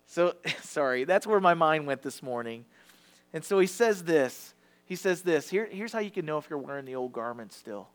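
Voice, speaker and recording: A man's voice: a little high, lively intonation, normal speed, clean tone. A man preaching a sermon in a conversational, confessional way, acting out quoted voices. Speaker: pastor.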